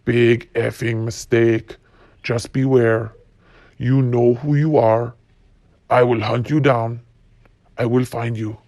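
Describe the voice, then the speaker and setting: A man's voice: mid-range voice, level tone, takes it slowly, pauses often, darkish tone, no echo. A man hosting a solo podcast, ranting bluntly and profanely while reading quotes. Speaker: podcast host.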